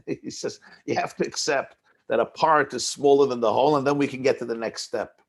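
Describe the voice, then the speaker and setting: A man's voice: mid-range voice, steady tone, brisk, creaky. A man teaching a text-based class as a rabbi, explaining ideas in a conversational way and often repeating words as he builds a point. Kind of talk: text-based lecture on a Hasidic discourse.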